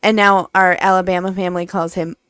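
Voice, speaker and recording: Low-voiced woman chatting on a podcast. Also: level tone, a little fast, a bit bright, smooth, dry recording, studio quality. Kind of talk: casual chat.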